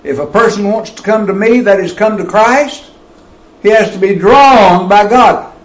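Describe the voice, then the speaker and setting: A man preaching a sermon, slow and emphatic, with wide swings of pitch and loudness. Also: reverberant, poor audio.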